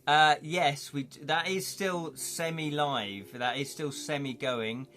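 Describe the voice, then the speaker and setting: Speaking slowly in a high, pushed, bright voice, a jolly man hosts a live stream of an interactive gamebook. He tells the story while chatting with his audience and reading chat aloud.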